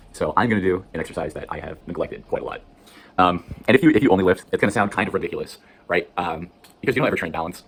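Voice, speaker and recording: A man's voice: deep voice, a little hiss or hum. A man chatting to camera in a casual vlog, self-deprecating and full of ums, at times out of breath. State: out of breath during balance exercise. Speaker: vlogger documenting leukemia treatment and workouts. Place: home gym indoors.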